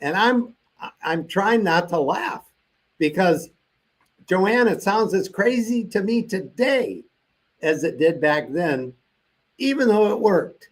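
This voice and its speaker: A man's voice: high voice, lively intonation, takes it slowly. An older man as an interview guest, telling a long personal story and acting out the voices of the people he quotes.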